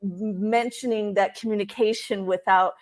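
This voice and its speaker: A woman guest in a relaxed interview, speaking at a middling pitch. She talks chattily, often restarting sentences and leaning on filler words as she explains. Her delivery sounds unscripted and conversational. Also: normal speed. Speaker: guest, career coach for expats. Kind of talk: casual interview talk.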